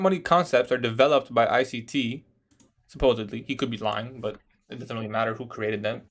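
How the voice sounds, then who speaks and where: A young male day trader livestreams and reads chat aloud, answering viewer questions in a laid-back, conversational way. He says "bro" a lot and laughs at odd questions, using an everyday mid-pitch voice with fairly even intonation at a fairly quick pace.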